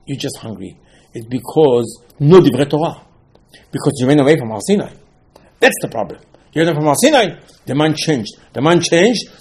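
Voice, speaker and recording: A Torah teacher gives an emphatic class in a slightly high, darkish-toned male voice. He repeats himself, poses questions and answers them himself, and his English phrasing is non-native.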